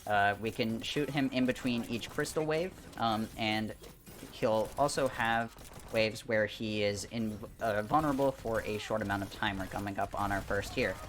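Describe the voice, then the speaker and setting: Low-voiced laid-back male speedrunner. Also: moderate pace, fairly bright tone. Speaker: speedrunner narrating his own run. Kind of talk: casual game commentary.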